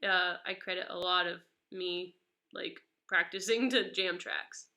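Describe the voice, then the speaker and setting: A woman's voice: on the low side, fairly even intonation, unhurried, pushed and bright. A woman with a stuffy nose giving a chatty, upbeat live-streamed guitar lesson. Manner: chatty and upbeat, greeting viewers by name. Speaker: guitar teacher. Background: guitar playing.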